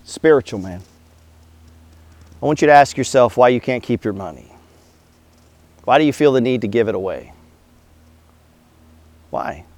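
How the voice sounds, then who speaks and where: A man's voice: medium pitch, expressive, normal speed, pauses often, a little mellow, no echo. A man giving a blunt, profane motivational talk about money, full of rhetorical questions. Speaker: host.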